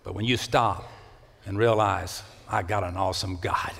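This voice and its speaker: A man's voice: steady tone, normal speed, vocal fry. Male pastor, impassioned sermon, big dynamic swings, long church-hall reverb. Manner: impassioned, swings from loud rising calls to low hushed lines. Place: church sanctuary.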